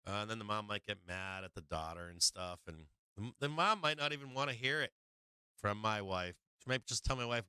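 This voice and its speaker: Middle-aged male streamer, bright and clean tone, dry close mic, rambling storyteller. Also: lowish voice, expressive, fairly quick, clean tone, no room sound. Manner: rambling, laughs often, acts out family voices. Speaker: stock market livestream host. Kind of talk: casual livestream storytelling.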